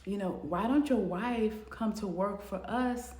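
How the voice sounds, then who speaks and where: A smooth-talking boss, gushing and insinuating, laying on compliments in a hushed, persuasive tone, as a woman puts him on. The room around the voice has a noticeable echo. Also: medium pitch, unhurried, close to an everyday voice. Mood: flattering. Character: smooth-talking male boss, flattering and pushy. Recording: roomy echo.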